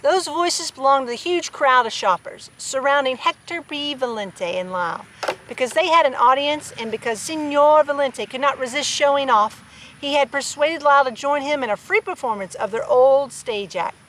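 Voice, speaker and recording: A woman's voice: sits high, moderate pace, fairly bright tone, rough recording. Woman reading a storybook aloud on a farm. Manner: playful asides, chatting to animals. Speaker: storybook reader. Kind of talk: children's book read-aloud with asides. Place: outdoors on a farm.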